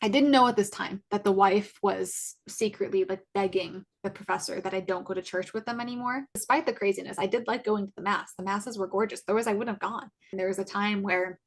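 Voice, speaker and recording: A woman's voice: medium pitch, steady tone, fairly quick, few pauses. Candid young woman telling her story. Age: 20s. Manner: candid, conversational retelling with nervous laughs and filler words. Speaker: podcast co-host. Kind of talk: personal storytelling on a podcast.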